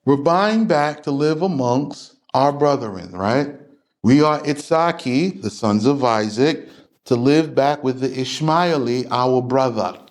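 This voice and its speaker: A man's voice: medium pitch, slow. A man teaching a religious class in an emphatic, confrontational lecturing manner.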